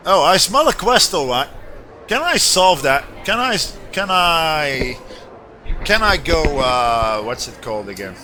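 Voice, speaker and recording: A male streamer in casual gameplay commentary, rambling and joking as he reads game text aloud. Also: a little high. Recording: steady background noise.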